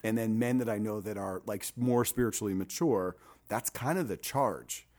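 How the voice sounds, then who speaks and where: A man's voice: lowish voice, moderate pace, a little mellow. A man, likely in his thirties, talking reflectively and earnestly as a men's ministry leader in a casual chat.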